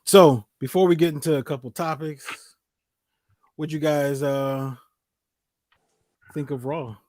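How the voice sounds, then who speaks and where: A man's voice: fairly high pitch, steady tone, slow pace, a little mellow, no room sound. A man hosting a casual wrestling chat show, joking and laughing between announcements. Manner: joking, laughs often, runs giveaway announcements. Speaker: podcast host.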